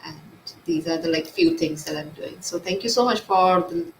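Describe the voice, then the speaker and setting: A woman psychologist being interviewed, speaking softly with many fillers and restarts. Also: fairly low pitch, normal speed. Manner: soft-spoken, frequent fillers and restarts. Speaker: guest psychologist. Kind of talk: live interview. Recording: echoey room with faint noise.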